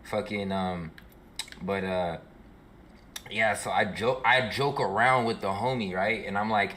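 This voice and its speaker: A man's voice: fairly low pitch, unhurried, bright, forceful tone, a little hiss or hum. A young male streamer telling a long story in a slangy, profane, rambling way while he plays. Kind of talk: casual storytelling while gaming.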